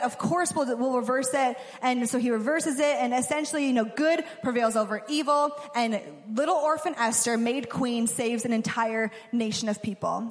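A young woman giving a casual sermon, chatty and full of "like", acting out characters in quick asides. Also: on the high side. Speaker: preacher. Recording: hall reverb.

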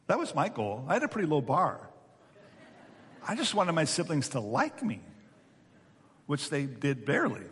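Man, pastor's sermon, lively swooping pitch, echo of a big hall. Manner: animated, acts out the story's voices.

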